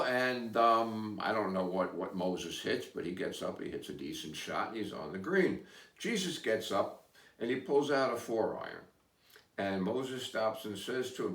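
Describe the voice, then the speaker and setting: Man, podcast host, low voice, rambling, hesitant asides, echoey room, a bit off-mic. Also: expressive, normal speed, distant mic. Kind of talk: casual storytelling chat. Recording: roomy, away from mic.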